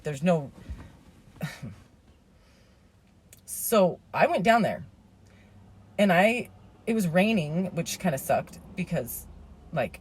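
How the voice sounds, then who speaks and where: A woman's voice: low-pitched, a little mellow, slightly rough. A woman in her thirties telling a rambling, indignant story as a vlogger, swearing and then apologizing for it.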